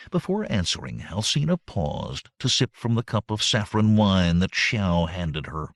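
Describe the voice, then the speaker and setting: A man narrates a fantasy audiobook in a very low voice with a lively, wide-ranging delivery. His reading is expressive and dramatic. The sound is dry and close, with no room echo. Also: unhurried, hardly any pauses.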